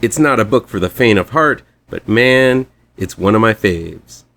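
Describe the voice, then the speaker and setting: A man's voice: fairly low pitch, lively intonation, unhurried, vocal fry, a bit bright. Man hosting a horror comics rundown. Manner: chatty, fan-like enthusiasm. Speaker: host of a horror comics show. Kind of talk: scripted weekly comics rundown.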